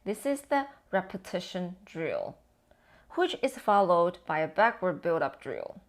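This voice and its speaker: A woman educator giving a scripted lesson on language teaching, with measured, explanatory delivery. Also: fairly low pitch, very animated. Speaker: TESOL educator.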